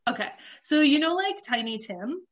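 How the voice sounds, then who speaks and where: Chatty woman guest, higher voice, muffled audio. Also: very animated, normal speed. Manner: chatty, laughs often, lots of fillers. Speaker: comedy book author, guest. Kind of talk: casual chat.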